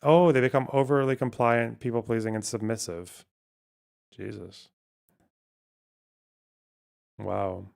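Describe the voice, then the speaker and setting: A man with a gravelly, fry-heavy voice at an ordinary pitch, chatting casually on a live stream. He thinks aloud through a word puzzle, swears freely and breaks off to address his chat. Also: fairly even intonation, moderate pace, darkish tone.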